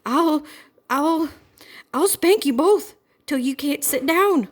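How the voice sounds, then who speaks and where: A woman's voice: a little high, moderate pace, fairly bright tone, lightly acted. A woman voicing a harried mother scolding in a storybook reading. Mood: angry.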